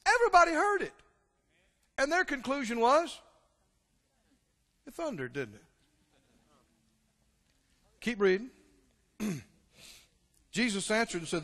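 A man preaching a sermon, impassioned, swinging between loud exclamations and quiet, low passages. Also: big pitch swings, takes it slowly, long pauses. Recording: long hall reverb.

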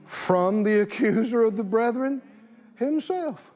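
Brief: male pastor, animated call-and-response sermon, high and husky. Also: measured pace, dull audio.

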